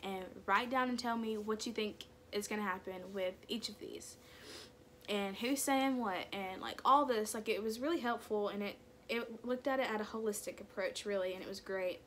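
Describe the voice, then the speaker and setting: A woman's voice: medium pitch, moderate pace, slight background noise. A young woman vlogging a candid personal story in casual speech, full of "like" and "kinda" fillers. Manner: candid, soft-spoken about hard memories.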